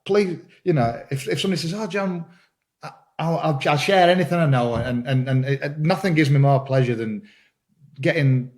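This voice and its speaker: A man talking as a podcast guest in casual conversation, enthusiastic and halting, often repeating words as he starts a thought. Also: mid-range voice, darkish tone. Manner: enthusiastic, laughs while talking. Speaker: podcast guest, green woodworker.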